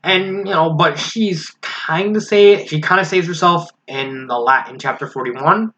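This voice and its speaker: Bright-voiced man giving a frank review. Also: fairly high pitch, a little slow. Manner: frank, critical, thinking aloud. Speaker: fan fiction reviewer. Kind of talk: casual spoken review. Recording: slightly dull lo-fi recording with faint hiss.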